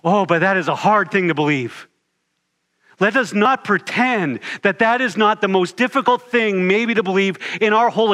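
High-voiced earnest male preacher. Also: a bit bright. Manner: earnest, building repetitive preaching cadence. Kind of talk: sermon.

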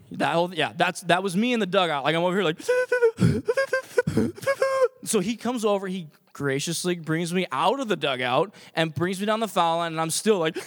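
A man telling a personal story to an audience in an animated, self-deprecating way, full of fillers and restarts. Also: on the high side. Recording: long hall reverb.

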